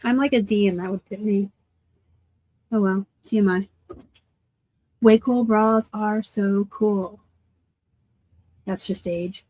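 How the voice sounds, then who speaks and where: A woman from Arizona hosting a casual live unboxing of thrift finds, chatty and quick to laugh at herself. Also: mid-range voice, steady tone, no echo. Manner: chatty, laughs easily, self-deprecating asides. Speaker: reseller host.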